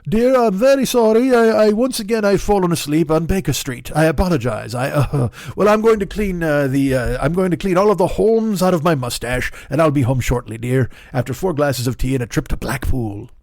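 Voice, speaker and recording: A man putting on a flustered English gentleman. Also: on the high side, a little fast, few pauses, no room sound, studio quality, close to an everyday voice. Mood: sheepish. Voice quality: mock English accent. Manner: stammering, apologetic. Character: flustered English gentleman apologizing to his wife.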